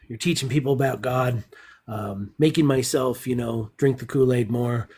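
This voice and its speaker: A man's voice: mid-range voice, moderate pace, breathy edge. A man who teaches Spanish, joking and swearing in a casual live-stream chat over his phone. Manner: joking, profane, animated. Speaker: Spanish teacher, guest caller.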